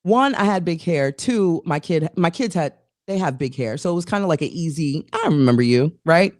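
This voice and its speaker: Animated woman telling a rambling story. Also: low voice, normal speed, no echo, studio quality. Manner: animated, rambling, restarts stories. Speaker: co-host. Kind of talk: casual chat, storytelling.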